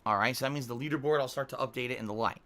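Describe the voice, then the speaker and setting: A man's voice: mid-range voice, sharp tone. A man with a Connecticut accent, a live streamer chatting casually, reading viewer donations and joking about his own pronunciation. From Connecticut, USA. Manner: playful, laughs often, mock-drawn-out words.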